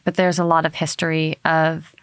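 A woman's voice: sits low, moderate pace, clean tone, dry recording. A woman guest who works in hypnotherapy, chatting casually and telling stories with lots of fillers and restarts. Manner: animated storytelling, many fillers and restarts. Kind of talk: casual conversation.

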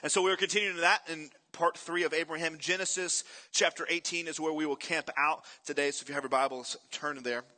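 A man preaching to his congregation, full of energy as he tells a story and throws questions out to the room. His voice is bright and forward, and it sits a little high for a man. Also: fairly even intonation, fairly quick. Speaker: pastor. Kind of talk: sermon.

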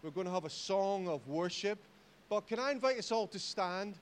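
A man with a Scottish accent preaching a sermon in church, jokey and animated, rising to loud exhortation. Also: high-pitched, moderate pace, smooth. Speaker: pastor. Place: church hall.

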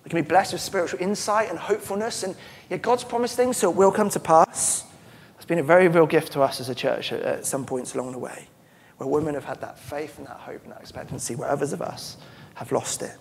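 A man's voice: fairly high pitch, a little fast, gravelly, husky. A man preaching a sermon as pastor, earnest and emphatic, often restarting his phrases. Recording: long church-hall reverb.

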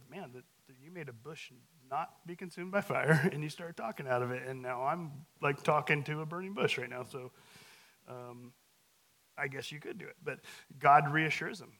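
A man teaches a sermon in a relaxed, talky way, stumbling through restarts and fillers as he goes. He reads scripture with extra emphasis and slips into acted-out quotes. His voice sits at an ordinary middle pitch. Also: poor audio. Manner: casual, halting, with frequent restarts and fillers. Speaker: guest teacher. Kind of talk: conversational sermon.

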